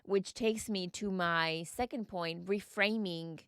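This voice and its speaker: An earnest woman hosting a podcast, her voice smooth and fairly low for a woman. She speaks directly to her listeners and keeps asking them questions in an encouraging way. The sound is close and dry. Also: slow, fairly bright tone, dry recording. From United States. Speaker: podcast host and mindset coach. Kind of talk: reflective podcast monologue.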